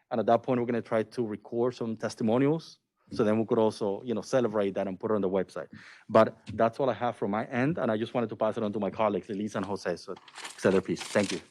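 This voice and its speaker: A man speaks quickly at a college town hall, delivering a program update. His sentences are halting, with frequent fillers and restarts. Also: on the low side, steady tone, a little mellow. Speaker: college diversity administrator.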